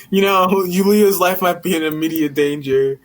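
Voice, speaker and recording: A man with a somewhat high voice plays in a tabletop game. He talks in a relaxed, joking way, narrating his character's moves. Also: measured pace, noisy background. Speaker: player. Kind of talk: casual tabletop role-play.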